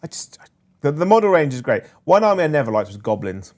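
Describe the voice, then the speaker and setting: A man's voice: on the high side, very animated, quick pace, darkish tone. A man co-hosting a casual podcast chat, enthusiastic and nostalgic as he tells stories. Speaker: co-host.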